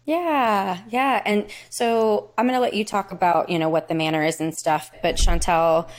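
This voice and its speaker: A woman hosting a podcast, telling a story in a fast, giggly, animated way and chatting casually. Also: mid-range voice, no room sound. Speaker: podcast host. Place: Chicago.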